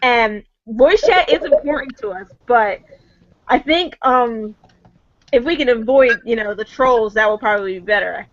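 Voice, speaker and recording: Excited woman gushing on a podcast. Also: a little high, normal speed, a little hiss or hum. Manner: enthusiastic, gushing. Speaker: podcast guest. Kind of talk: casual chat. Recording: dull dry lo-fi recording.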